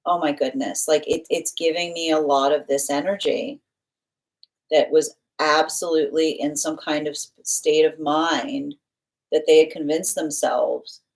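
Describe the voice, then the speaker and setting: A woman with a fairly low voice gives a live tarot reading to her viewers. She rambles in long run-on sentences packed with fillers and restarts, and she slips into the voices of the people she describes. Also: fairly even intonation, unhurried. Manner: rambling, many fillers and restarts, acts out what others say. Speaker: tarot reader.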